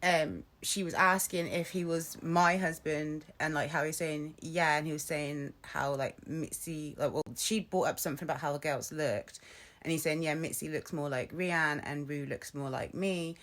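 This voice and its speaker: A young woman ranting casually to camera, chatty and quick to swear and laugh. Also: low voice, fairly even intonation, fairly bright tone. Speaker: vlogger. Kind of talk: casual vlog rant.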